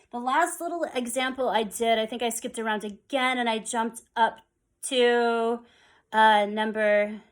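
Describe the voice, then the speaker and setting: A woman teaching a music rhythm lesson, explaining step by step and counting beats aloud. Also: fairly high pitch.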